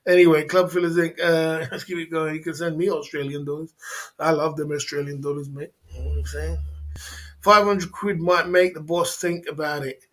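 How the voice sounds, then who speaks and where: A man's voice: a little high, flat delivery, normal speed, a bit bright, low-quality recording. A man hosting a casual livestream chat, bantering in slang, laughing often and repeating his catchphrases. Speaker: livestream host.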